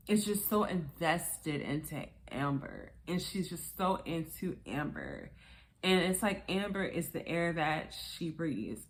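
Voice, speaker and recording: A woman casually reviewing a reality TV episode, acting out the cast's lines and laughing along. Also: medium pitch. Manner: animated, acts out quotes with laughs. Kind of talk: casual recap commentary.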